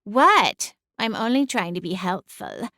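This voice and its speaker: A woman's voice: mid-range voice, big pitch swings, measured pace, sharp tone, no room sound, clean studio sound, exaggerated voice. A woman voicing a smug, sassy female cat familiar in an audiobook, with a drawling, sing-song, condescending delivery. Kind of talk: audiobook character voice.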